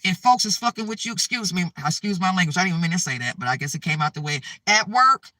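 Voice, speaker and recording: A man's voice: sits high, expressive, quick pace, sharp tone, no echo, distant mic. A man giving a preachy spiritual monologue to his viewers, repeating himself urgently and checking in with "okay?". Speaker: spiritual advice channel host.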